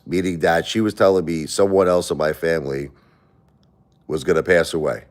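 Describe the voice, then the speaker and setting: Middle-aged guy on a livestream, super deep voice, rambles and repeats himself, gets emotional and defensive. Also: steady tone, moderate pace. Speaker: livestream host. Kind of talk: emotional livestream chat with viewers.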